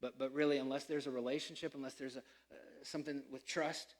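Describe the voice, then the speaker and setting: A man preaching a sermon as pastor, animated and acting out the people he quotes. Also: medium pitch, fast.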